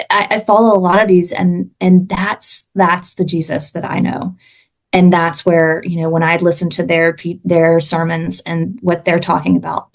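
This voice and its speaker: Impassioned woman, lowish voice. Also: creaky. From Alabama. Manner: impassioned, frequent restarts. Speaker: podcast guest. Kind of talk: casual conversation.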